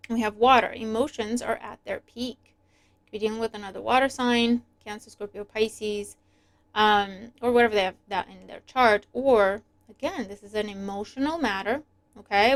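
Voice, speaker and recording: A woman's voice: mid-range voice, clean tone. A woman reading tarot cards to her viewers in a chatty way, often acting out little imagined exchanges and checking in with "right?". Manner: chatty, lots of "right?" and acted-out inner dialogue. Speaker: tarot reader. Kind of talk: casual tarot reading monologue.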